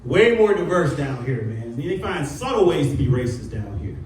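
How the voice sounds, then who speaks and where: A stand-up comedian from Detroit performs a set on a comedy club stage before a live audience, his voice on the high side, sing-song and darkish in tone at a normal speed. His delivery is loose and conversational, peppered with asides like "you know" and "man." The recording has roomy live club sound with audience laughter and is picked up from far off.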